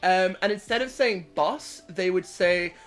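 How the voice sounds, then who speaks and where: A man's voice: sits high, measured pace, a bit bright, faint music behind. A man on a casual chat show, telling stories with giggly, swearing banter. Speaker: co-host.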